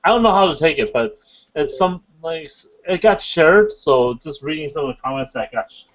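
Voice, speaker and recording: A man with a slightly high voice hosts a live building stream, chatting casually and joking with friends. He explains in halting bursts full of fillers. The audio is dull and lo-fi. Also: animated.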